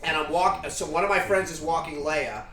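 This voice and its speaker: A man chatting casually on a charity stream, telling stories in an excitable, rambling way. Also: fairly high pitch, moderate pace. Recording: roomy, distant mic with music behind.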